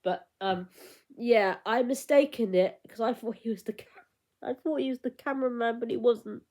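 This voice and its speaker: A woman's voice: a little high, moderate pace, dark tone. A young woman, chatting casually to camera in a rambling, self-conscious way and often losing her words. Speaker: vlogger.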